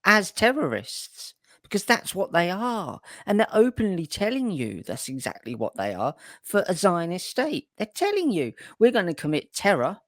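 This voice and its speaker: A man's voice: high voice, huge pitch swings, normal speed, a bit bright, dry recording, studio quality. A man co-hosting a podcast in casual, emphatic chat who swears freely. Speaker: podcast co-host.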